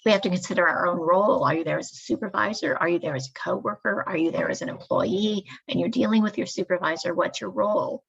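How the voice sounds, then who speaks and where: A woman giving a measured, explanatory staff training lecture. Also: lowish voice, creaky, slightly rough. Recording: dull lo-fi recording.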